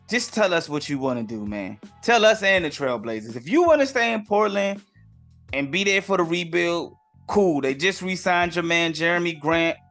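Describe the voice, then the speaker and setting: A man with a fairly high voice talks through the week's sports news as a podcast host, loose and conversational. He drops "bruh" and "man" into exasperated asides. Faint music plays under his voice. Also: a bit bright. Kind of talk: casual sports commentary.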